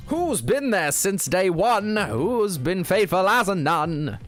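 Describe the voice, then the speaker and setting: A man voicing a theatrical old-timey male radio demon host with a mid-Atlantic accent and a drawn-out broadcaster delivery. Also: sits high, big pitch swings, a bit bright, soft background music, pitched above the performer's own voice, exaggerated voice.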